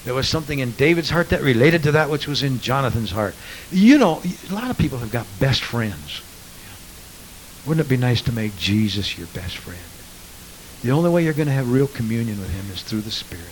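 A man preaching a sermon as pastor, swinging between hushed asides and loud, rapid build-ups. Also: medium pitch, a little hiss or hum, poor audio.

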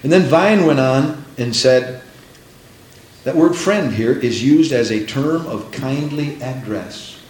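A man's voice: medium pitch, lively intonation, slow. Preacher man with a roomy echo. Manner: swings from hushed to shouting, dramatic quoted voices. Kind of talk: sermon. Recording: roomy echo with faint background noise.

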